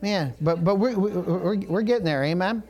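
Middle-aged male pastor, relaxed storytelling preacher, voice a touch high. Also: normal speed. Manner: conversational storytelling preaching with asides. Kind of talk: sermon.

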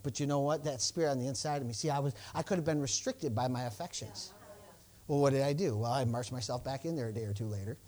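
A man's voice: medium pitch, fast talker, darkish tone. A male pastor preaching a sermon, telling a personal story and acting out the exchanges, with stammered restarts and bursts of praise. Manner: exclamations of praise.

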